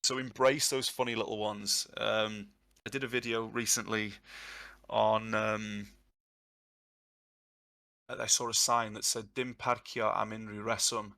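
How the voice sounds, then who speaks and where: A man whose first language is English, chatting casually and telling jokey, animated stories as a guest teacher. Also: lowish voice, a little slow, gravelly, pauses often. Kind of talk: casual live chat. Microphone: online call audio.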